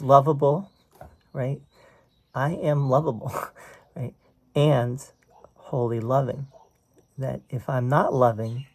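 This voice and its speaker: A man's voice: mid-range voice, vocal fry, darkish tone. A man teaching a spiritual text in a casual, conversational way, explaining passages and often checking in with "right?". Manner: explains quoted text line by line.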